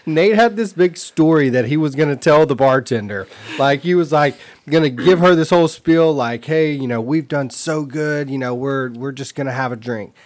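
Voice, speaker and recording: A man co-hosting a casual podcast, recounting a story in a laid-back way, clearing his throat now and then. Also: on the high side, moderate pace, few pauses. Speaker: podcast co-host. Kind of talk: casual chat.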